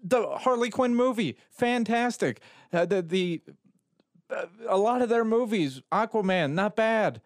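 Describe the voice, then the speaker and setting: Exasperated man, fairly high voice. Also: animated, a little slow, no echo, studio quality. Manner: exasperated, emphatic, trails off mid-sentence. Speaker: podcast co-host. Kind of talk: casual podcast chat.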